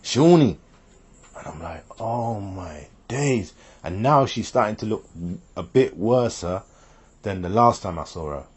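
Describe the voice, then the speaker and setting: A man's voice: sits low, lively intonation, normal speed, husky. A man telling a personal story in a rambling, casual way, often repeating himself and quoting what others said.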